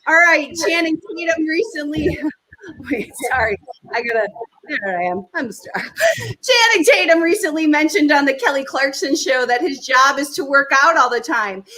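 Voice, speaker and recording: A woman's voice: sits high, animated, moderate pace, sharp tone, rough recording. A woman hosting a live comedy show, reading joke headlines in a bubbly, giggly way. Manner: bubbly, giggly, self-interrupting. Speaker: host.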